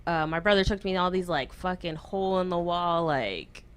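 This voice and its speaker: Woman guest, lower register, relaxed and animated storytelling. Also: moderate pace, clean tone. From United States. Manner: chatty, animated storyteller with laughs. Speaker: podcast guest. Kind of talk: casual chat.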